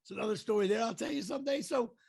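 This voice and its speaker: An animated man telling showbiz stories as an interview guest. His voice sits high for a man, gravelly and husky, and it is recorded close and dry. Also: racing, no room sound. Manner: animated storyteller acting out quotes. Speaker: actor and comedian guest. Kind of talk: storytelling in a casual interview.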